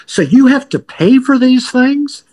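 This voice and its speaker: A man co-hosts a podcast and keeps cracking teasing jokes. He speaks slowly, and his pitch swings freely. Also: lively intonation, darkish tone. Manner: joking, teasing quips. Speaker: podcast co-host. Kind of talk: casual podcast interview.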